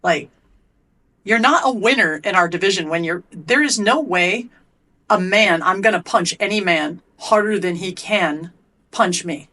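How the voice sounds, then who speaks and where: Here the middle-aged athlete-coach talks a little slowly in a mid-range voice while recounting a story as a podcast guest. She's candid and animated, cursing freely and speaking bluntly.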